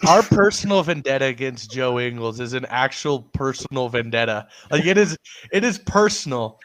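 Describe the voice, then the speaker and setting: A man's voice: medium pitch, animated, moderate pace, fairly bright tone. A man co-hosting a casual sports chat, telling a story with frequent laughs. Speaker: podcast co-host.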